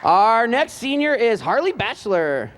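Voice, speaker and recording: A man's voice: very high voice, sing-song, unhurried, crowd noise, background noise. A man announcing seniors at a live school band event, reading their notes aloud with fillers and light joking asides. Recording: long hall reverb.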